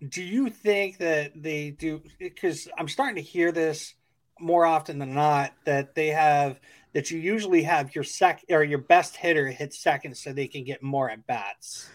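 A man's voice: a little high, measured pace. A man hosting a sports podcast, chatting casually and asking questions with lots of fillers and restarts. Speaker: podcast host.

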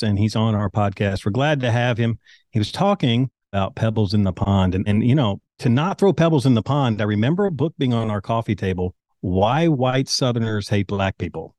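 A man co-hosting a podcast, introducing his guest in rambling, halting sentences. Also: fairly low pitch, darkish tone, no echo. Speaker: podcast co-host. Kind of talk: casual interview chat.

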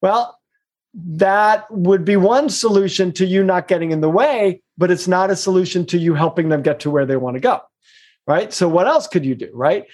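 A middle-aged executive coach with a high-sitting voice chats casually in an interview. He is emphatic and expressive, speeding up in bursts and then slowing down to drive a point home.

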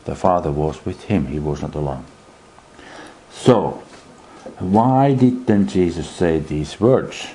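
A man with a deep, mellow voice teaches a Bible study. He reads passages aloud from his notes and explains each one, with a faint hiss under the recording. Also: animated, slow, long pauses, low-quality recording.

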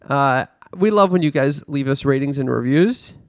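A man's voice: expressive, no room sound. Man co-hosting a podcast, dry sound. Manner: switches between a high natural voice and a put-on low slow voice. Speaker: podcast co-host. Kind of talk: casual podcast chat.

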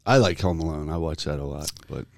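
A man's voice: very deep voice, quick pace, creaky, darkish tone, no echo, studio quality. A man hosting a podcast, asking questions in a joking, teasing casual chat. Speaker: podcast host.

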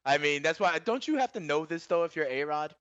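A man's voice: fairly high pitch, expressive, a little fast, a bit bright, clean tone, no echo, lo-fi sound. A man co-hosting a sports radio show, tossing in joking, slangy banter. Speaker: radio co-host. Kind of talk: casual radio chat.

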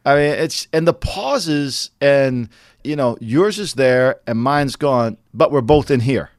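A man's voice: mid-range voice, takes it slowly, dry recording. A man with a mid-range voice chatting loosely with his co-host. He rambles, restarts his sentences and swears now and then. The sound is dry and close-miked. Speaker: podcast co-host. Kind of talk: casual sports chat.

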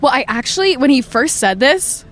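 A woman's voice: high voice, very animated, moderate pace, fairly bright tone. Giggly laid-back young woman. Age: 20s. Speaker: podcast co-host. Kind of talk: casual chat.

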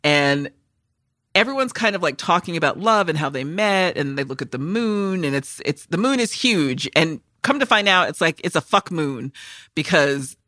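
A woman co-hosting a podcast, chatting casually about a film and loudly acting out its lines with lots of swearing. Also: low-pitched, normal speed, dry recording, studio quality. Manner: animated, swearing, acts out film lines in loud voices. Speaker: podcast co-host. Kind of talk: casual movie chat.

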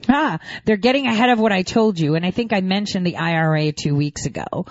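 A woman's voice: fairly low pitch, lively intonation, brisk, no room sound, highs cut off. A woman commentator reacting to news clips with sarcastic, indignant remarks.

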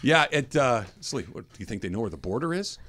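A male sports radio host in casual banter, teasing and telling animated stories through laughter. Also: mid-range voice, a little fast.

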